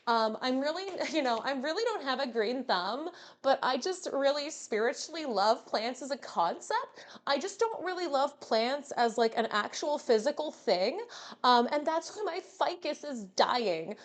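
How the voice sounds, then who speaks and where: A woman's voice: sits high, expressive, a little slow. A woman voicing a vague young female college student who drawls and hesitates with fillers. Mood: dreamy.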